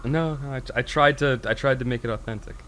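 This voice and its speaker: A man's voice: medium pitch, fast talker, fairly bright tone. A man co-hosting a casual podcast, rambling and laughing often. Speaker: podcast co-host.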